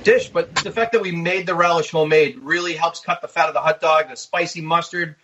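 A man, a guest chef, giving a relaxed step-by-step cooking demonstration. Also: on the high side, a little fast, dull audio. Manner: easygoing, step-by-step explaining.

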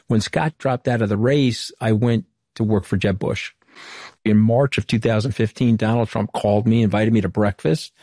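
Low-voiced man telling candid stories. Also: steady tone, normal speed, dark tone, dry recording, studio quality. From Long Island, New York. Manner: earnest, anecdotal, retells conversations at length. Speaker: former political communications director. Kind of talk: candid interview storytelling.

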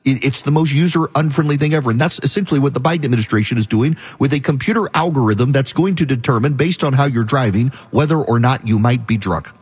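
A man hosting a talk radio show, delivering an opinionated monologue in a brisk, argumentative way and speaking straight to his listeners. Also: medium pitch, husky.

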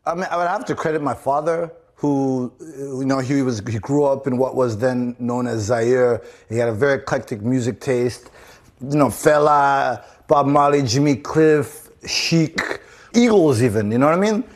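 Interview guest, male, from Zimbabwe. Halting, restarts a lot, casual delivery. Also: mid-range voice. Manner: halting, repeats words and restarts often.

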